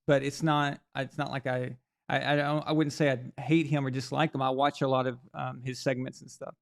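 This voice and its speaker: A man's voice: medium pitch, flat delivery, moderate pace, creaky. A man hosting a live sports talk stream, rambling through opinions with lots of restarts and fillers. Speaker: sports talk show host. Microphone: desk mic on camera.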